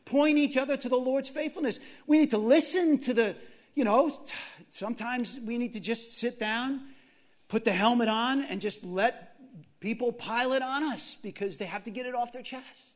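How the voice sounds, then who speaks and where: A man with a very high voice preaches to his congregation. He is animated and repeats lines for emphasis. He keeps turning questions back on his listeners. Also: moderate pace. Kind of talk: sermon. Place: church gathering.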